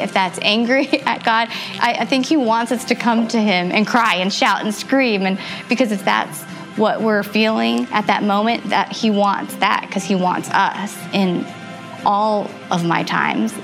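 A woman in her thirties telling her personal faith testimony earnestly and reflectively, with soft laughs. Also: mid-range voice, vocal fry. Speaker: testimony guest. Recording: music playing underneath.

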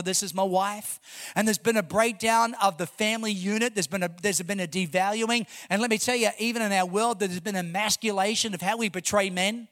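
A man preaches to his church congregation in a strikingly high voice for a man. His tone is bright and forceful. He drives each point home with fervent emphasis and rhetorical questions. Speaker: pastor. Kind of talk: sermon.

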